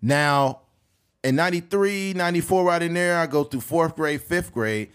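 A man from California hosting a podcast, telling stories in a profane, animated way. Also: fairly high pitch, normal speed, clear, resonant tone. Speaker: podcast host. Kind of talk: casual podcast chat.

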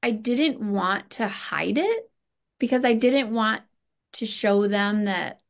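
Gravelly-voiced woman, earnest podcast guest. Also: fairly high pitch, slow pace. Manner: animated, earnest, full of restarts. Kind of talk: candid conversational interview.

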